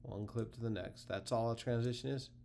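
A man hosting a casual software tutorial, talking through the steps relaxed and thinking aloud as he clicks. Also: medium pitch, fairly quick, creaky, a little hiss or hum. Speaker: tutorial host.

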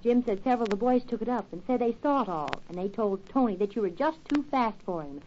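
A woman's voice: fairly high pitch, animated, fast, dark tone, close to an everyday voice. A woman playing a worried young woman. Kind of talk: 1940s radio acting. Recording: dull old radio recording with faint hiss.

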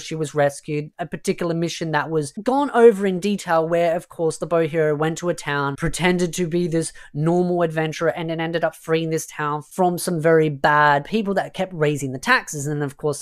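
A woman giving a casual spoken review of a light novel, emphatic and chatty, often worked up and exasperated. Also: low-pitched. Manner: chatty and emphatic, leaning on "of course" and "definitely"; gets worked up and exasperated at the characters.

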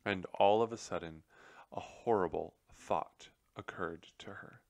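A man reading a children's book aloud as narrator, telling the story gently. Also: deep voice, measured pace, creaky, no room sound. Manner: gentle storytelling with character voices.

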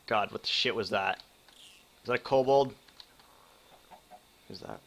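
Young male game streamer from Wisconsin, forceful bright tone, excitable, swears, chats with viewers. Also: lowish voice, a little slow, long pauses. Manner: excitable, swears a lot, talks to chat. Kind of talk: live gameplay commentary.

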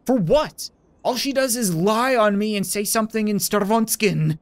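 A gaming YouTuber, a man, doing let's play commentary in a joking, excitable way, talking back to the characters on screen. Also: sits high, normal speed, dry recording.

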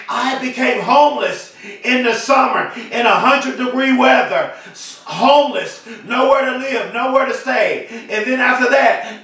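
A man giving a fiery, repetitive motivational speech, often shouting. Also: extremely high pitch, very echoey, recorded from a distance. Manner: fiery, emphatic preaching cadence with repetition. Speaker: motivational speaker.

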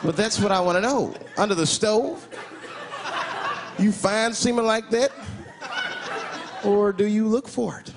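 A man performing a stand-up comedy set on a club stage, telling stories in an animated way and shouting his punchlines. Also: high voice, measured pace, pauses often. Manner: animated storytelling with shouted punchlines and put-on voices. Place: comedy club stage before a live audience. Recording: loud laughing crowd and heavy room noise.

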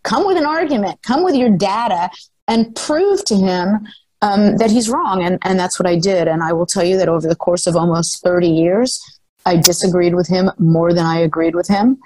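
A woman's voice: on the low side, normal speed, mellow, dry recording, low-quality recording. An older woman telling a story in a podcast interview, articulate and emphatic, speaking self-assuredly into a close mic. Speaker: guest, former sports executive.

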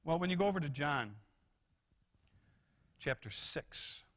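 A male pastor preaching a sermon in a church, animated, swinging from low, quiet asides to sudden loud, high exclamations, with repeated restarts. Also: a little slow. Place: church sanctuary.

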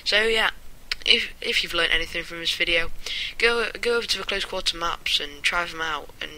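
Bright-voiced chatty male gamer. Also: on the high side, moderate pace, slight background noise, low-quality recording. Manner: rambling, chuckling storyteller. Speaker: gameplay commentator. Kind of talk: casual gameplay commentary.

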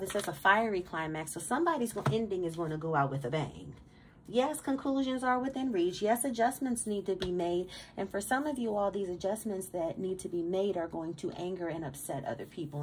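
A woman gives a tarot reading straight to her viewers in a mid-pitched voice. She talks with loud, streetwise emphasis, swearing freely and stumbling over repeated words. It comes across as a preachy pep talk, with a faint hiss under the voice. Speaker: tarot reader. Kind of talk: casual tarot reading to camera.

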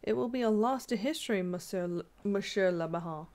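A woman's voice: mid-range voice, a little mellow, close to an everyday voice. A woman reading aloud, voicing a brash, skeptical young American man who scoffs at superstition. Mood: animated. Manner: scoffing, brisk. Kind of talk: audiobook reading.

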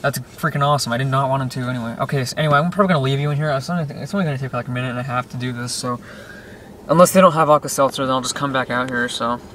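A man's voice: medium pitch, rapid-fire, fairly bright tone. A young man in his late teens, vlogging from inside a car in a rambling, filler-heavy way, saying "dude" and "freaking" a lot. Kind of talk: casual rambling vlog talk. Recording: clear car and road noise.

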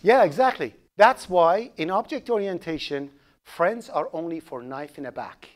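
Animated lecturer joking with his class. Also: a little high, normal speed. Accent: Persian. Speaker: programming instructor.

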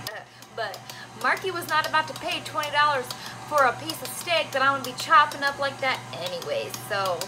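A young woman talking casually while cooking at home, animated and swearing freely as she asks her viewers "okay?" all the time. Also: high-pitched, poor audio. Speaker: cooking vlogger. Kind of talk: casual chatty cooking vlog.

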